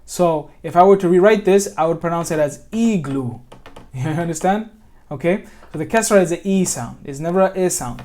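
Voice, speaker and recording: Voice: medium pitch, a little mellow. Patient American tajweed tutor. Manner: patient, checks understanding with frequent "okay?"; models Arabic sounds slowly, corrects self mid-sentence. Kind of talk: one-on-one online lesson.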